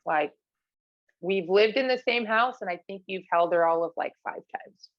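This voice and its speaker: A woman's voice: medium pitch, moderate pace, dry recording, dull audio. A woman guest on a podcast telling her own story in a candid, casual way, with many fillers and restarts as she quotes the people around her.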